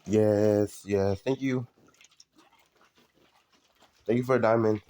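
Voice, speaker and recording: A man live streaming, talking casually to his viewers in a halting way, full of ums and restarts. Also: on the low side, fairly even intonation, warm tone, clean tone. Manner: halting, many fillers and restarts.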